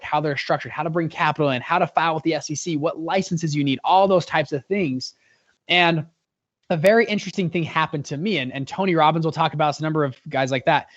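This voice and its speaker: A young man in his twenties, an interview guest, telling a story energetically, with many quick restarts. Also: a little high, no echo, muffled recording. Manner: energetic, fast-talking storyteller with frequent restarts. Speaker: guest, fund founder.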